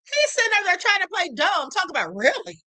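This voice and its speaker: A woman hosts a livestream and reacts to clips. Her voice is high and bright, and she talks in a sassy, casual way, calling viewers honey and baby. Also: huge pitch swings, fast. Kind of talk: casual commentary.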